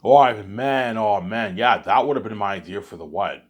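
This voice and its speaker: A man speaks very low, with a husky, rough edge to his voice. He rambles through a casual vlog monologue, repeating words and restarting sentences as he goes. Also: moderate pace. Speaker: vlogger.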